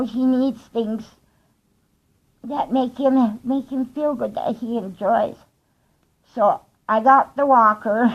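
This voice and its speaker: A woman telling a personal story in a heartfelt vlog, slow and earnest, with soft laughs between thoughts. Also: mid-range voice, highs cut off. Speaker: vlogger.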